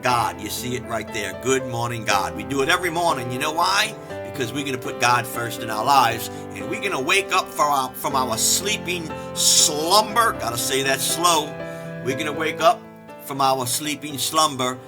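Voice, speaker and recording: An older man preaching an energetic, folksy sermon, animated and self-mocking, swinging from loud outbursts to hushed asides. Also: medium pitch, normal speed, over music. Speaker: pastor.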